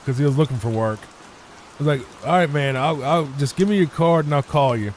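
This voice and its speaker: Male gaming host, mid pitch, loose rambling storyteller, faint rain noise in the background. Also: a little fast. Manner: rambling, conversational, frequent restarts. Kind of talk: relaxed storytelling over gameplay.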